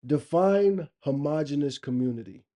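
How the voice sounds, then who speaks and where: A man's voice: fairly high pitch, animated, normal speed, warm tone. A man vlogging in a rambling, opinionated casual monologue. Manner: rambling, opinionated, loose and conversational.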